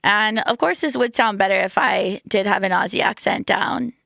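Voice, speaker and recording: Gravelly-voiced woman rambling playfully. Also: medium pitch, normal speed, fairly bright tone, no echo, studio quality. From United States. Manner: rambling, self-deprecating, playful asides. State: slightly losing her voice. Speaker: podcast host. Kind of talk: casual comedic monologue.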